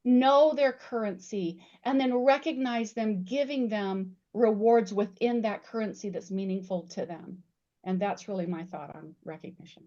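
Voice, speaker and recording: A woman's voice: mid-range voice, moderate pace, warm tone, muffled recording. A woman speaking as a guest in a panel discussion, earnest and emphatic, often repeating words as she builds her points. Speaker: guest speaker on employee recognition.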